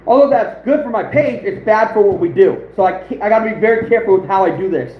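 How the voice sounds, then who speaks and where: A man's voice: sits high, expressive, fast talker. A man from the United States hosting an outdoors livestream, chatting casually in a rambling, boastful way and chuckling often. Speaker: outdoors channel host, livestreaming. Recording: roomy, dull lo-fi sound with faint noise.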